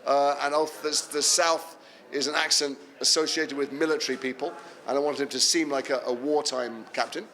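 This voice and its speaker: An English man, an actor answering fan questions at a convention panel, telling animated, self-deprecating stories. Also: fairly high pitch, normal speed. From England. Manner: animated anecdotal storytelling, self-deprecating humour.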